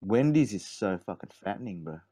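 Over a voice call on his gaming stream, a young Aussie gamer brags and curses nonstop in loose, casual banter. His lowish voice is animated, brisk and mellow, and the recording is dry.

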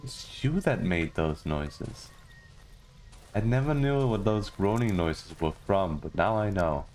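A man from Denmark giving goofy, casual commentary on a game he is playing, talking to the characters and jumping into high squeals. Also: lively intonation, takes it slowly, a little mellow, slight background noise. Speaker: gaming streamer.

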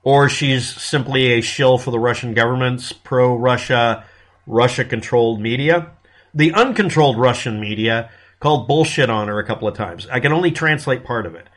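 A man's voice: medium pitch, normal speed, a bit bright. A man from the United States giving a casual monologue commentary in a blunt, sarcastic manner, with frequent profanity.

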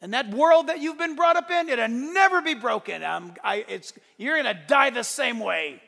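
A man's voice: very high voice, lively intonation, normal speed, vocal fry, pushed and bright, voice pushed up, heavily acted. A man voicing the devil as a mocking, contemptuous tempter. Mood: gloating loud. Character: taunting male devil, sneering and menacing. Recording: long reverb in a large hall.

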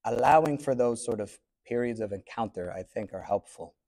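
A man teaching a class, thinking aloud in a reflective way with pauses. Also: medium pitch, gravelly, warm tone. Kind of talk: classroom discussion.

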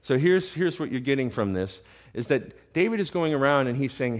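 A man's voice: mid-range voice, lively intonation, normal speed. A man preaching an evening sermon in a church, rising to emphatic questions.

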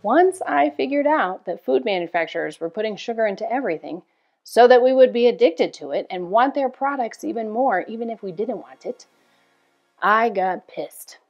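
A woman in her thirties, a health coach, telling a personal story in a candid, animated way with casual swearing. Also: a little high, moderate pace, lo-fi sound, soft background music. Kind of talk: storytelling promo talk.

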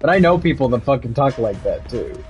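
A man's voice: medium pitch, big pitch swings, fairly quick, dull audio, faint music behind. A Canadian man chatting casually while streaming a game, swearing constantly and laughing at his own stories. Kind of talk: casual chat while gaming.

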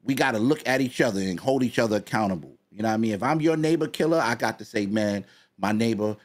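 A man's voice: fairly low pitch, fast. A man, co-hosting a podcast in casual chat, rambling and repeating himself as he talks. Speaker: podcast co-host.

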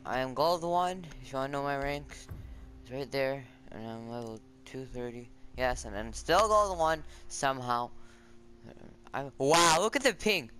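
A young man chatting casually over his own gameplay, jumpy and quick to yelp when startled. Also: mid-range voice, sharp tone. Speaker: gamer streaming his match. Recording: noisy game audio behind voice.

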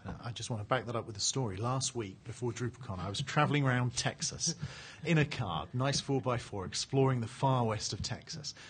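A man's voice: medium pitch, fairly quick, husky. A man with an English accent on a conference panel, telling a light, self-deprecating anecdote. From England.

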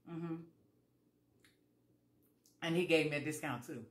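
A woman's voice: sits low, takes it slowly, long pauses, reverberant. A woman chatting casually to viewers while eating, telling folksy stories and acting out both sides of conversations. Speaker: vlogger. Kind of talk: casual eating vlog chat.

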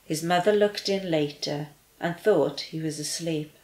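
A woman reading a children's story aloud with gentle, expressive delivery. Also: deep voice, unhurried, reverberant, a little hiss or hum, low-quality recording.

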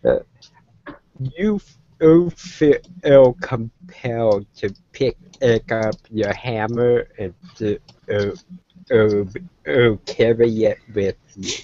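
A man narrating as game master of a tabletop game, hesitant with many pauses and fillers. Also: mid-range voice, mellow, lo-fi sound.

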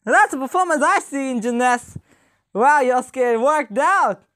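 A woman streaming a video game, reacting with loud exclamations, laughter and slang. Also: sits high, expressive, normal speed. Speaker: gaming streamer. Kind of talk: excited game commentary.

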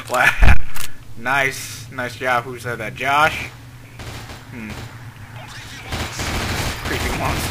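Drawing out his words and pausing often, a young man speaks in a medium-pitched voice with fairly even intonation. He gives casual let's-play commentary on his gameplay, cracking jokes, rambling, and addressing the on-screen characters, while game music and gunfire add background noise.

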